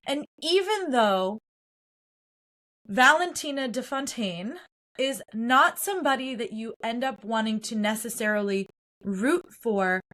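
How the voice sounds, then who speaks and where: A woman's voice: fairly high pitch, a bit bright. A woman hosting a solo podcast, talking through a film in an earnest, opinionated way and building her points in lists. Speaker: podcast host.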